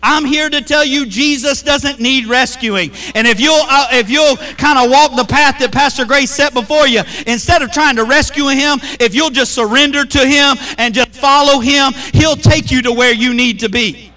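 A middle-aged man preaches, and his voice sits high and sounds bright and forceful. He talks in animated bursts and keeps asking the congregation questions. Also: moderate pace, few pauses. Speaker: pastor. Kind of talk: sermon.

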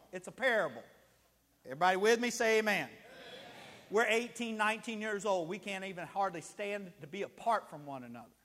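The voice is high and a bit bright, with the sound of a big room: a man preaching as pastor in a church sanctuary. He narrates stories and plays out the people in them, growing more emotional as he goes.

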